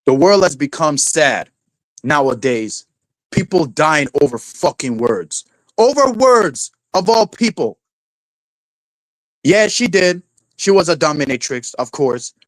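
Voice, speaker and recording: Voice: medium pitch, sing-song, slow, no room sound, poor audio. A streamer host in a casual livestream rant, swearing freely, laughing often and mocking people with silly voices.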